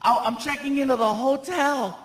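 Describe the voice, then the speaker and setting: A man performing stand-up comedy on a large theater stage, telling animated, playful stories. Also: very high-pitched, normal speed. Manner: animated, playful storytelling, many character voices. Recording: echoey hall, loud crowd and noise.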